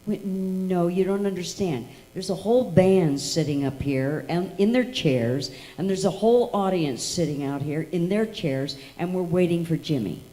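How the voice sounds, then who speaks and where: Woman, lively storyteller, acts out dialogue, slightly low voice. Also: normal speed, few pauses, low-quality recording. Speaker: tribute speaker. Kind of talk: storytelling to an audience.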